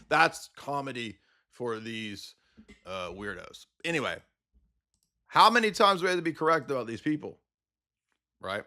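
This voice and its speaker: A male livestream host rants with a combative, sarcastic edge, firing off quick asides and jabs. His voice is bright and forceful, sitting in a middle pitch for a man. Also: very animated. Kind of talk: livestream commentary rant.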